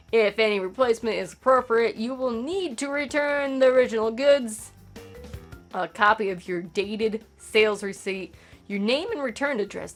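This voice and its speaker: A woman's voice: medium pitch, fairly bright tone. A woman host reading a game manual aloud for comedy, breaking in with sarcastic, profane asides. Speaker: channel host.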